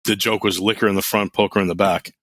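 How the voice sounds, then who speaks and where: Low-voiced man spinning stories. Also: fast talker, no echo. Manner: animated storyteller, blunt and profane. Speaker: podcast co-host. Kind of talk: casual podcast chat.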